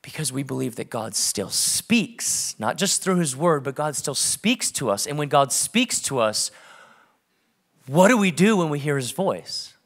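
A man in his thirties, a pastor preaching a sermon and telling stories lively, acting out family conversations. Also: a little high, unhurried.

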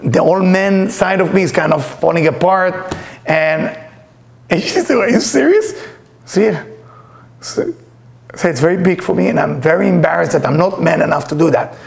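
Gravelly animated spiritual teacher. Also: male voice, a little high, normal speed. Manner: animated, acts out voices in his stories; uses non-native English grammar. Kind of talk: storytelling lecture.

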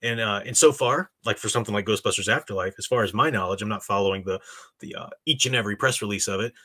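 A man's voice: fairly low pitch, fast talker, bright, forceful tone, breathy edge. A man hosting a live stream, talking casually and reading chat messages. He rambles with many restarts and gives blunt opinions.

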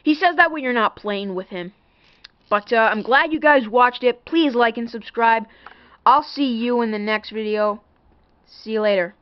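A woman rambling through a show-and-tell of her toy, full of little fillers and apologies. Her voice sits fairly high. It is close and dry, though a bit dull and muffled. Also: normal speed, clean tone, no echo. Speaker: toy collector showing a doll. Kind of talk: casual show-and-tell vlog.

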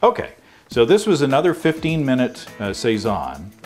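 A man's voice: mid-range voice, huge pitch swings, normal speed, faint music behind. A man hosting a home brewing show, explaining in a rambling casual way with many fillers and restarts. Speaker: show host. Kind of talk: casual chat.

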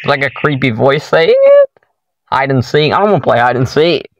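A gaming YouTuber, a man, does a horror game let's play for his channel, jumpy and letting out startled exclamations at every scare while addressing his viewers as guys. His mid-range voice swoops wildly in pitch at a moderate pace and is a bit bright. The low-quality recording has no room sound.

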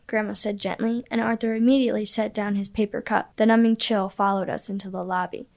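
A young woman reading a spooky story aloud in a hushed, suspenseful way. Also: medium pitch, little pitch movement, fast, creaky, few pauses. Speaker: student narrator.

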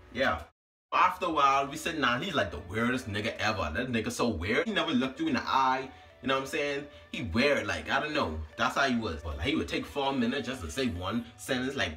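A man casually telling a story to his vlog audience, slangy and animated, always asking "you know what I'm saying". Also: mid-range voice, far from the mic.

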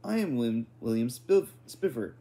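A man's voice: mid-range voice, very animated, moderate pace, warm tone. A man voicing a dramatic, overly polite boy in a storybook reading, his speech stiff and formal. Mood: earnest.

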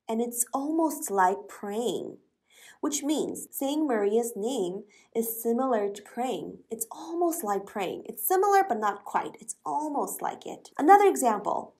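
A woman teaching an English lesson, speaking slowly and clearly and spelling words out letter by letter. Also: on the high side, big pitch swings.

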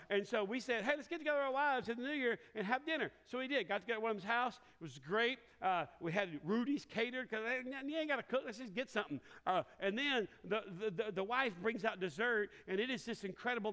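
Brief: middle-aged male pastor, high bright voice, joking storyteller, church hall reverb. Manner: storytelling with humor, laughs often. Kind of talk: sermon.

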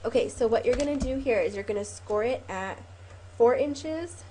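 Sniffly woman with a mellow voice. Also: on the high side, animated, normal speed, slight background noise. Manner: chatty, rambling, self-correcting with many ums. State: sniffly from a lingering cold. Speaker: craft video host. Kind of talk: casual step-by-step craft tutorial.

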